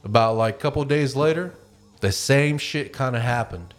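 A man hosting a podcast and telling a long, animated story, swearing freely and acting out the voices of the people in it. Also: medium pitch, normal speed, faint music behind. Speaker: podcast host. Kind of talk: casual storytelling.

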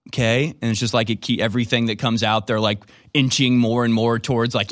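A man's voice: medium pitch, flat delivery, fairly quick, fairly bright tone, no echo, clean studio sound. A man hosting a political talk radio show, delivering a sarcastic monologue and mocking his opponents. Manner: sarcastic, mocks opponents in put-on quotes.

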